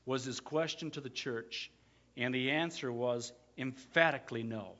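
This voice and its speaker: A man preaching as a pastor, shifting from quiet, close asides to loud, emphatic declarations. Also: medium pitch, normal speed, highs cut off. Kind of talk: sermon.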